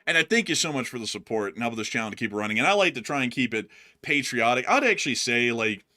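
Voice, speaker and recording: An American man co-hosting a news commentary show, chatting casually in an animated, rambling way full of filler words. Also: mid-range voice, fast talker. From United States. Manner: animated, acts out voices of fans he meets. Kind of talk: casual chat.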